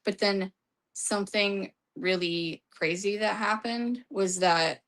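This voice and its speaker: Slow-talking woman recapping a trial. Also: mid-range voice, steady tone, a bit bright. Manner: rambling, restarts, reads from notes. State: losing her voice. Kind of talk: casual courtroom recap.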